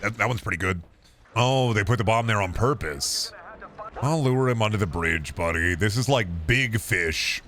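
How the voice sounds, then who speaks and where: A man's voice: on the low side, lively intonation, normal speed, fairly bright tone. A young man casually commenting on a game he is playing, joking, swearing freely and rambling to his chat. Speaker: streamer.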